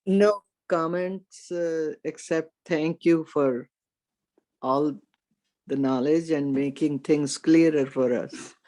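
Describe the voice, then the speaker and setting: A man's voice: fairly high pitch, takes it slowly, mellow. A man taking part in a class, speaking briefly and politely. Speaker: class participant.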